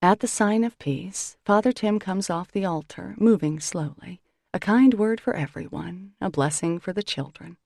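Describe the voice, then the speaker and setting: A woman's voice: fairly low pitch, moderate pace, creaky, darkish tone, no echo, studio quality. A woman narrating a first-person novel as an audiobook, in a wry, conversational way.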